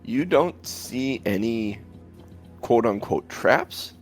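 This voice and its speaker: A man's voice: medium pitch, expressive, takes it slowly, faint music behind. A man narrating as dungeon master, hesitant and full of ums. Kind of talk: narrating a tabletop game.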